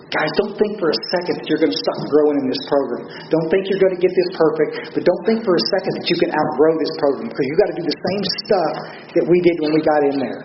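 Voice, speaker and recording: A man's voice: on the high side, quick pace, noisy background. Older texas guy speaking at a meeting, blunt and earnest, echoey room, kinda muffled. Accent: Texan. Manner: earnest, blunt, storytelling with salty language. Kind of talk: personal testimony talk. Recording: roomy, dull audience recording.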